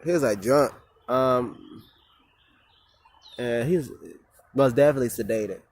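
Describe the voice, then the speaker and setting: A man's voice: mid-range voice, a little slow. A man in a rambling, profane casual monologue who often repeats himself and restarts. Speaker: vlogger.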